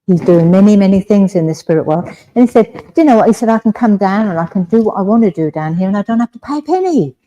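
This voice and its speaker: An English woman giving a mediumship demonstration in a village hall, talking gently and reassuringly and often checking in with "all right?". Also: mid-range voice, lively intonation, quick pace, few pauses, lo-fi sound.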